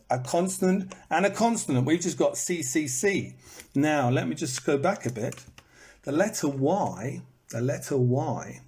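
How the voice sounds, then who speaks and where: Recorded on a phone during a live online class, a male English teacher repeats words to show where the stress falls and slips into bits of song. His voice is a little high, warm, and husky.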